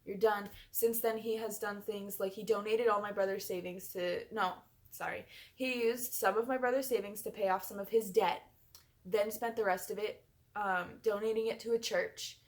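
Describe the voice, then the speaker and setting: A woman's voice: mid-range voice, fairly even intonation, moderate pace. A young woman telling a personal story in a chatty vlog, full of fillers. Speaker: vlogger.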